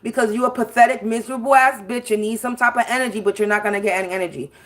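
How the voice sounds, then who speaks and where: A woman's voice: a little high, fairly even intonation, rapid-fire, a bit bright. A woman hosting a spiritual livestream, delivering a profane, confrontational rant with repetition and scattered laughs. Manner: laughs mid-sentence. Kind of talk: ranting livestream monologue.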